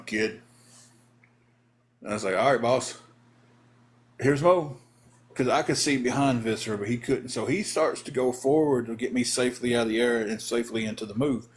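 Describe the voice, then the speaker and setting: A man who used to wrestle professionally tells his old ring stories to a live chat. He talks in a casual, animated way and acts out the other people's voices. His voice sits at an ordinary middle pitch for a man. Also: slight background noise. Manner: animated storyteller acting out voices. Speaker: former pro wrestler telling stories. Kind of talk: casual live-stream storytelling.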